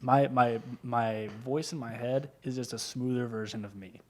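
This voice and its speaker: A man's voice: medium pitch, fairly even intonation, normal speed, a little mellow. Young man rambling in a casual podcast. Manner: rambling, laughs often, restarts words. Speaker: podcast co-host. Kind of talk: casual chat.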